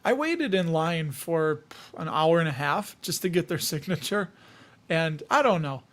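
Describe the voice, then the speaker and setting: A man's voice: a little high, lively intonation, a little slow, fairly bright tone. A man from the Chicago area hosting a casual livestream, reading viewer comments in a jokey, rambling way with frequent chuckles.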